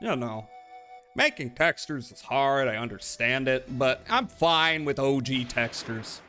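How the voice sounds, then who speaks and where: Male streamer, mid pitch, bright and forceful tone, rambling and profane chatter with chat. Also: unhurried, faint music behind. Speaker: live streamer. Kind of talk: casual live-stream chatter while gaming.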